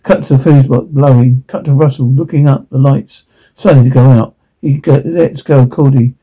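A man's voice: medium pitch, fairly even intonation, normal speed, dark tone, slightly rough, poor audio. A man narrating a TV episode scene by scene in a loose, stumbling way, with many restarts. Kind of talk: casual retelling of a TV episode.

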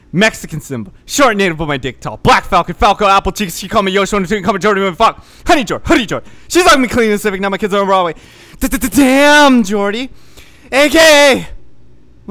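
A man co-hosting a podcast over an online voice call, riffing loosely, swearing and breaking into bursts of yelling. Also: high-pitched, dry recording. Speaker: podcast co-host. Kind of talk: rowdy casual chat on a call.

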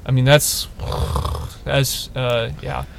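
A man's voice: medium pitch, slow pace, vocal fry, slight background noise. A young man co-hosting a casual podcast, telling a funny story and acting out the quotes in it. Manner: animated storyteller, acts out quotes. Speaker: podcast co-host.

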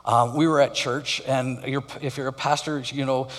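A male pastor giving a conversational sermon with animated storytelling. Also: medium pitch, normal speed, big-room sound.

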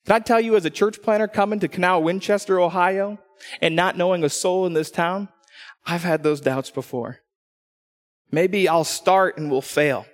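A middle-aged man preaches to his church, acting out little quoted voices as he tells his stories. His voice sits a bit high, and a long reverb trails his words through the hall. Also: normal speed. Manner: animated storytelling, acts out quotes. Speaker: pastor. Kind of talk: sermon.

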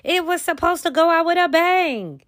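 A young woman, hosting a podcast and recapping a TV episode in an animated, slangy way, straight to her listeners. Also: very high voice, normal speed, no room sound, studio quality. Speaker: podcast host recapping a TV show. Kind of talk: casual recap monologue.

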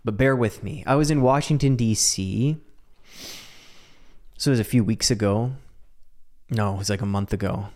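A podcast host talks alone in a lowish, darkish voice at normal speed, leaving long pauses. He rambles casually, mocking himself and joking, with frequent laughs.

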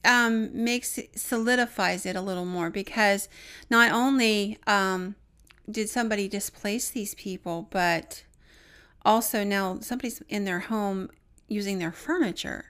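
A woman's voice: mid-range voice, measured pace, fairly bright tone, clear, resonant tone. A woman co-hosting a podcast, chatting casually and telling stories with plenty of fillers. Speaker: podcast co-host, paranormal investigator.

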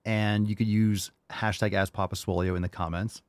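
A man's voice: lowish voice, flat delivery, moderate pace, dry recording. A man hosting a casual fitness podcast, reading listener posts and answering with blunt, profane tough-love rants. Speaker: podcast host.

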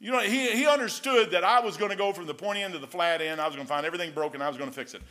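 Bright high-voiced older male preacher. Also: very fast. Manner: rambling folksy anecdotes, says "man" often. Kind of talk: storytelling sermon.

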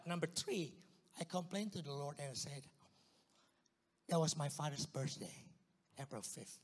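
A man with an Indonesian accent telling his testimony in a church, in a storytelling manner that swings from hushed to loud outbursts. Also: high voice, expressive, unhurried, pauses often, husky, in a large hall. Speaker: guest speaker giving testimony. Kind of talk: sermon testimony.

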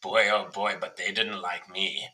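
Crude sweaty driving instructor, low offhand mumble, sharp bright tone, as a man puts him on. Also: flat delivery, a little slow, heavily acted. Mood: sleazy casual.

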